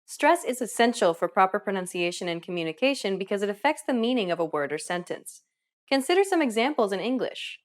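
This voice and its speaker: A woman presenting a scripted language lesson, with upbeat and clear instructional delivery. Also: medium pitch, very animated, brisk. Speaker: language teacher.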